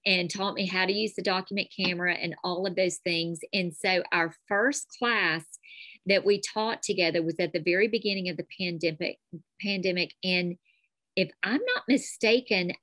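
A woman with a thick North Alabama accent chats as a podcast guest. She tells her stories with animated energy. The recording is close and dry, with no room sound. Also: on the low side, normal speed, no echo. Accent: North Alabama Southern. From North Alabama, USA. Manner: chatty, animated storytelling. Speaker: calligraphy teacher, guest. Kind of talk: casual interview chat.

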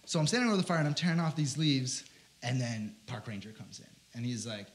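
A man's voice: mid-range voice, quick pace. A man in his twenties telling a stand-up story, rambling and profane, with lots of filler words. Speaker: comedian.

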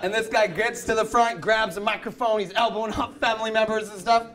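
A man doing a stand-up set in a comedy club, animated, acting out the people in his stories. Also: high-pitched, fairly quick, crowd noise. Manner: animated, acts out voices. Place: comedy club, half full. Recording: live club with audience laughter.

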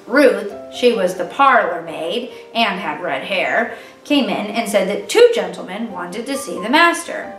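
A woman reading a classic children's novel aloud in an expressive, animated way. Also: medium pitch, unhurried. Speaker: children's ministry reader. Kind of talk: storybook read-aloud for children. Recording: roomy, distant mic with faint music.

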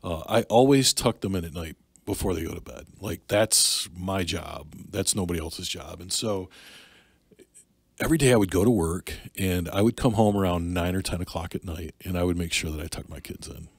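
A middle-aged man from Michigan telling a personal story in casual talk, candid and halting, with many fillers and restarts. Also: low-pitched, slightly rough, no room sound. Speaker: podcast guest, Navy and Army veteran.

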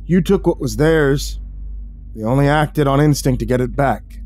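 A man voicing a weary older male hunter who speaks slowly and deliberately. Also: medium pitch, a little mellow, faint music behind, close to an everyday voice. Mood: stern.

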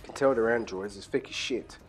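A man giving crude, profane commentary while playing a game, full of excitable banter and sudden shouts. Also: fairly low pitch, a little fast, over music. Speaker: gaming channel host. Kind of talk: profane casual gameplay commentary.

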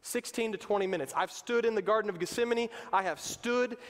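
A man's voice: sits high, a little fast. A male pastor preaching a sermon in an emphatic, conversational way, in a church sanctuary. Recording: long reverb of a church hall.

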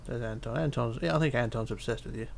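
A man's voice: mid-range voice, fast, vocal fry, a little hiss or hum. A man with an English accent chatting casually and teasing while he streams a building game. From England. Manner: chatty, teasing, muttering asides. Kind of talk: casual chat while gaming.

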